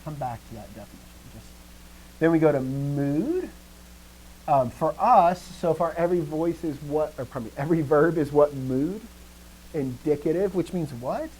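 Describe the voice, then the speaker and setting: A man's voice: on the high side, normal speed, a little hiss or hum, rough recording. A man teaching a live grammar lesson, asking the class questions and restarting his sentences as he thinks. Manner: lively, asks questions and answers himself.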